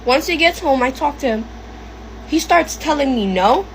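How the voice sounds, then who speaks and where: A woman's voice: high voice, expressive, normal speed, creaky, a little hiss or hum. A teenage girl venting while she does her makeup in a get-ready-with-me vlog, keeping her voice down at times. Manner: venting, talks quietly at times.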